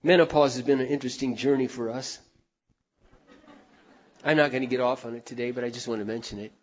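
A middle-aged man telling heartfelt stories in a sermon, earnest, dropping to a hush and then rising loud for emphasis. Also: medium pitch, steady tone, fast talker, muffled recording. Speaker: speaker.

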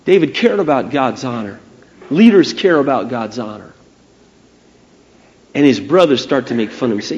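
A man preaching a sermon, retelling stories in an animated way and speaking straight to his listeners. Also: mid-range voice, brisk, highs cut off.

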